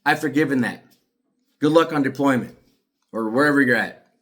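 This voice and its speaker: A middle-aged man with a medium-pitched, somewhat bright voice, speaking to the camera in an agitated, profane monologue. He is an aggrieved father telling his story.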